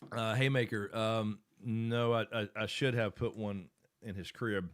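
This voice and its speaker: Low-voiced, rambling middle-aged streamer. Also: male voice, steady tone, measured pace, no room sound, clean studio sound. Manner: rambling and loose, thinking aloud while working the screen. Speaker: live-stream host. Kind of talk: casual live-stream chat.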